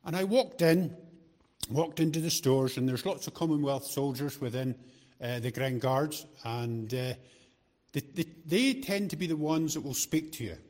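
A man's voice: on the high side, moderate pace, a little mellow. A middle-aged man preaching a sermon in a chatty, joking way, often repeating words as he restarts his sentences. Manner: chatty, joking asides to the congregation. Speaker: lay preacher.

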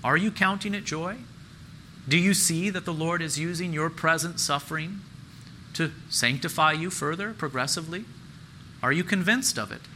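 A man's voice: on the high side, normal speed, bright, forceful tone, slight background noise, low-quality recording. A man preaching a sermon as pastor, earnest and emphatic, repeating key phrases and lifting his voice on questions.

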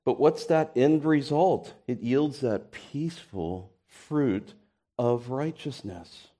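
A man preaching a sermon, talking conversationally with frequent restarts, then rising into loud emphatic peaks and dropping into soft asides. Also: medium pitch, slow pace. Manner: conversational, repeats words and restarts. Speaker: pastor.

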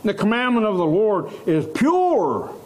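A man preaching a sermon, slow and emphatic, stressing key words and letting out short laughs. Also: high-pitched, very animated, a little mellow.

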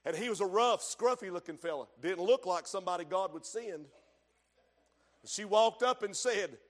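Male preacher with a very high voice, shifting from hushed storytelling to shouts, long church reverb. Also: lively intonation, moderate pace. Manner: storytelling preacher, swings from quiet asides to shouted emphasis. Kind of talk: sermon.

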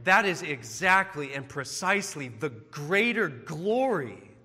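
A male preacher delivers an earnest, emphatic sermon with a lively, swooping pitch. His voice sits high and bright. It hangs in the long reverb of a church hall. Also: measured pace, breathy edge.

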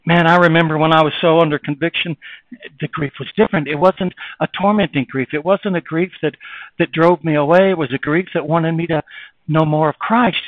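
High-voiced fervent male preacher. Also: fairly even intonation, brisk, no echo, phone-quality sound. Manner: reads scripture aloud, swings between hushed and raised fervent preaching. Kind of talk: sermon.

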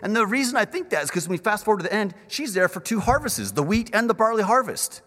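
Animated male preacher in a reverberant hall. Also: high-pitched, fast. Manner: animated, acts out the characters in voices. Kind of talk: sermon.

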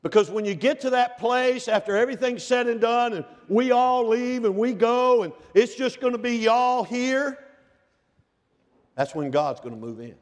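Middle-aged male preacher, high pitch, shouted peaks and near-whispered lows, long church reverb. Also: expressive, normal speed. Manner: swings from shouting to hushed, near-whispered passages. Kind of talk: sermon. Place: church sanctuary.

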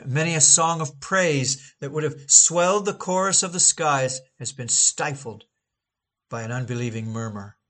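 Male preacher, mid-pitched, dramatic emphatic sermon reading. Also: fairly bright tone. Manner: dramatic, emphatic oratory with stretched key phrases.

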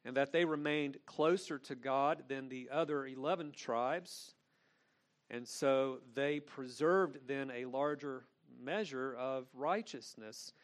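A man's voice: mid-range voice, takes it slowly. A man preaching an expository sermon as pastor, earnest and emphatic, often restating his phrases.

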